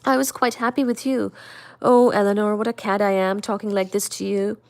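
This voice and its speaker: Woman reading as an anguished young fiancé, earnest, emotional, slow, mid-pitched. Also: steady tone, vocal fry. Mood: distraught. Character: young man, troubled, apologetic fiancé.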